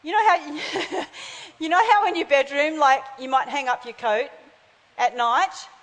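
A woman's voice: high-pitched, measured pace. A woman in her fifties preaching a sermon, telling stories and acting out the voices in them. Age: 50s. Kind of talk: sermon with storytelling. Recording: long hall reverb.

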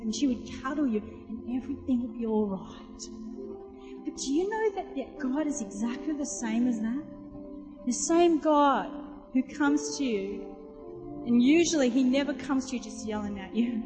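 A woman's voice: high voice, expressive, moderate pace, in a large hall, music in the background. A woman preaching a sermon, telling stories and asking the congregation questions in a chatty way. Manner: chatty storytelling, asks the audience questions.

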